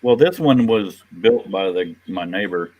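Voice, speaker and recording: A man's voice: low voice, lively intonation, measured pace, dry recording, narrow, tinny audio. Tired, offhand man on a stream. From Texas. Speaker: live stream host. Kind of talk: casual chat. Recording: faint background noise.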